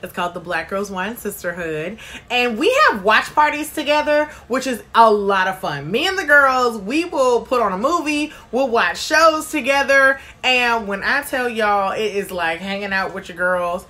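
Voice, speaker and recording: A woman's voice: a little high, expressive, moderate pace, sharp tone. A woman hosting a casual live stream, chatty and bubbly, greeting viewers by name and reading their comments aloud. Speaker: livestream host.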